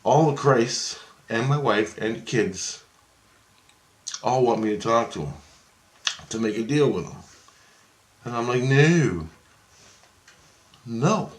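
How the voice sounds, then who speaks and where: A man's voice: medium pitch, measured pace, pauses often. A man ranting in an agitated, profane monologue about his spiritual experiences, heavy on swearing. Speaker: vlogger. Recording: echoey room.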